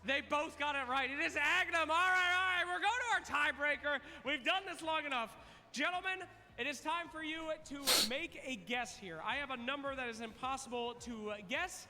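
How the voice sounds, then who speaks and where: A man's voice: very high-pitched, bright, forceful tone. A man hosting a live trivia contest on stage, playful and teasing as he counts down answers. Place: large event hall. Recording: long arena reverb.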